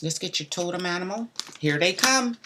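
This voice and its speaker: A woman's voice: lowish voice, expressive, moderate pace, pushed and bright, slight background noise. A woman hosting a live tarot reading stream, chatting loosely and bluntly with viewers. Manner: chatty, talks straight to viewers; loose and blunt, mild cussing. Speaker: tarot reader.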